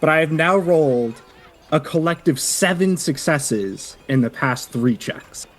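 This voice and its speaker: A man's voice: fairly high pitch, expressive, a little slow. A player at a tabletop game, talking in a pointed, boastful way about his dice rolls. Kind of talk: casual game table chat.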